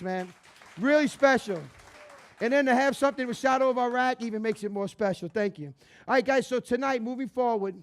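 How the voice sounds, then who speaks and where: A man hosting a cooking demonstration, upbeat and chatty, calling his audience "guys" and "baby". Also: extremely high pitch. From New Orleans area, Louisiana. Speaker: chef hosting a cooking show.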